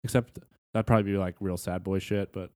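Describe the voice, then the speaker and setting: A man co-hosting a casual fan podcast, chatty and quick to laugh, swearing now and then. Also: sits low, fairly even intonation, a little mellow, dry recording, studio quality. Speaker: podcast co-host.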